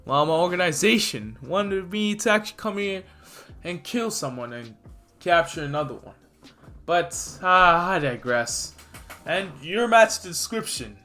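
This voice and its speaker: Casting: brash hulking villain, gloating and taunting, bright forceful tone, a man plays it. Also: high-pitched, lively intonation, measured pace, soft background music, voice pushed up, exaggerated voice. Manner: taunting, mocking.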